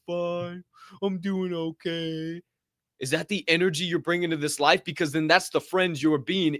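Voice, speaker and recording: A man's voice: fairly high pitch, fairly bright tone, no echo, studio quality. A man hosting a podcast, delivering a fiery, profane motivational monologue in reaction to a clip. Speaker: podcast host.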